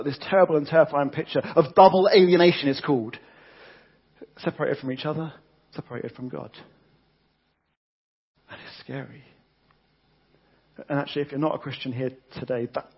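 A man's voice: a little high, husky, lo-fi sound. A man preaching a conversational sermon with frequent restarts and repeated words.

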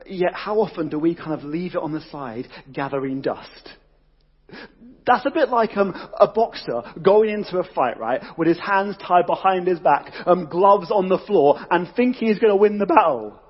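A man giving an energetic, exclamatory sermon to a young audience, using casual slang. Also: high voice, moderate pace, breathy edge, big-room sound, lo-fi sound. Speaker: youth preacher.

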